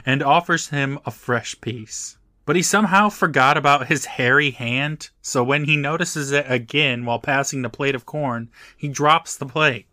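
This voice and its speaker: A man's voice: mid-range voice, moderate pace, few pauses, sharp tone, no echo, clean studio sound. A man co-hosting a podcast, wryly recapping a TV episode and laughing often as he talks. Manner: wry, laughs often, acts out quotes. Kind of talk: casual chat, recapping a TV episode.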